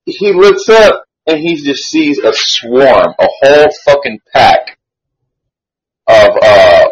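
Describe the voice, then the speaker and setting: A man telling a story in a casual chat, slangy, animated and swearing freely. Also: lowish voice, lo-fi sound.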